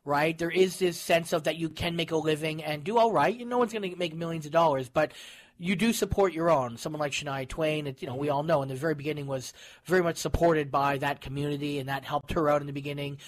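A man's voice: on the high side, steady tone, fast talker. A man in a casual chat, explaining his point earnestly.

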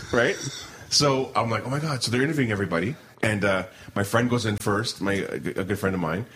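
A man's voice: lowish voice, quick pace, fairly bright tone. A middle-aged man co-hosting a podcast, telling a rambling story with lots of restarts and laughter in casual chat. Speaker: podcast co-host.

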